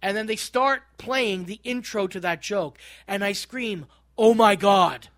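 A man who is a stand-up comedian, telling stories in a casual podcast chat in a profane, animated way. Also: high-pitched, measured pace.

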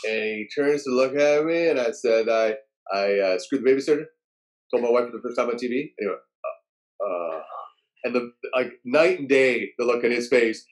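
A man recounting an anecdote in casual talk. He jumps into raised, animated voices to act out what people said. His delivery is lively and conversational. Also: mid-range voice, normal speed. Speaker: guest storyteller.

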